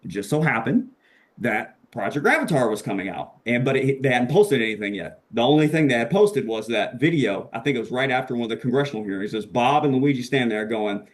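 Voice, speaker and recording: A young man, a podcast guest, telling a story in a casual, excitable and profane way, acting out the voices he quotes. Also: mid-range voice, fairly quick.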